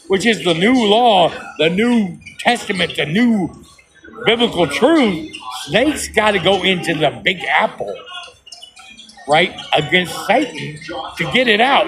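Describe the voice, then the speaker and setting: High gravelly man rambling excitedly. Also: poor audio. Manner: excited, rambling, keeps asking "right?". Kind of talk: rambling comedic monologue.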